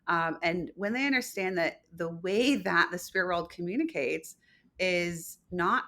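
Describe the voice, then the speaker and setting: Bright-voiced woman, emphatic podcast guest. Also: lowish voice, measured pace. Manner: emphatic, animated, explains with rhetorical questions. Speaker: psychic medium guest. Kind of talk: casual podcast conversation.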